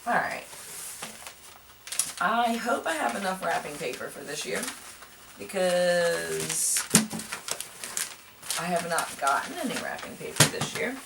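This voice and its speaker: A woman's voice: on the low side, lively intonation, unhurried, gravelly, long pauses. A woman vlogger chatting casually to herself while wrapping gifts at home, with self-mocking asides. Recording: distant mic with background noise.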